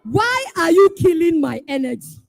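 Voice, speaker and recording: A Nigerian woman hosting a live event, calling out schools one by one, playful and teasing, often shouting to get the crowd going. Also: very high-pitched, big pitch swings, moderate pace, gravelly. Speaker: event host.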